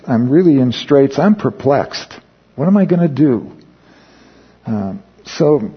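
A man teaching a Bible study in a relaxed, conversational way, mixing personal stories with scripture and often asking his listeners questions. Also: medium pitch, breathy edge. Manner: conversational, with frequent questions to the audience; tells personal stories while explaining scripture. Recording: dull lo-fi recording.

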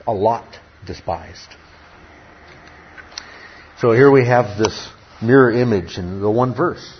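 A man teaches scripture at an unhurried, deliberate pace, landing hard on repeated key words and tossing out rhetorical questions. The recording is dull and lo-fi, with a faint ambient hum behind him. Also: lowish voice. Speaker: Bible teacher. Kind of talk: Bible teaching.

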